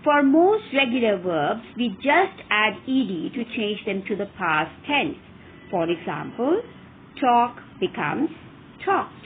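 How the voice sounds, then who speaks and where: Slow, lively-voiced woman teaching grammar. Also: a little high. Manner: clear, careful enunciation with rising emphasis on examples. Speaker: English teacher. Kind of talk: slow, deliberate grammar lesson. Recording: phone-like narrow audio with faint hiss.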